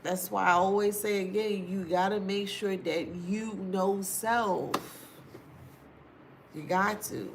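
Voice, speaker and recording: A medium-pitched, creaky voice with a steady tone comes through with a little hiss or hum. The woman, an astrology or tarot reader, gives her viewers a chatty, informal spiritual reading, repeating phrases for emphasis and laughing often between drawn-out asides.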